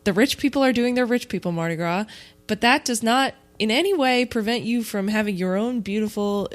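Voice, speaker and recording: A woman's voice: a little high, brisk, soft background music. Thoughtful woman podcast co-host. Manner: thoughtful, reflective, with casual swearing. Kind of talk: casual chat.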